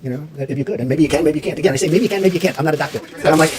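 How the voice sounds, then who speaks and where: A man's voice: a little high, very fast, background noise. A man, the president, answering reporters at a press briefing in a combative, repetitive way.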